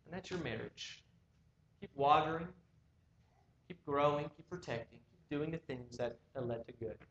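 A male preacher delivers a sermon in a slightly higher voice, urging his congregation and driving home his points with repeated questions. His voice carries around an echoey church hall, with a faint hum of room noise behind it. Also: normal speed, fairly bright tone, muffled recording.

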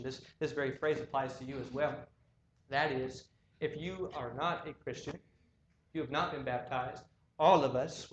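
A man's voice: mid-range voice, echoey room, highs cut off, a little hiss or hum. A man preaching a sermon, earnestly urging his listeners and pressing them with repeated questions.

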